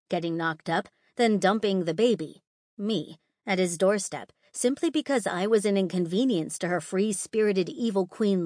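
A woman's voice: lowish voice, darkish tone, no room sound. A young adult woman reading first-person narration in a wry, sardonic tone on a close studio mic. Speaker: audiobook narrator.

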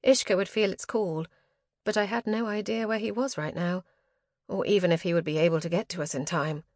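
A woman narrating a first-person fantasy audiobook in a measured, steady way. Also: lowish voice, no room sound, studio quality.

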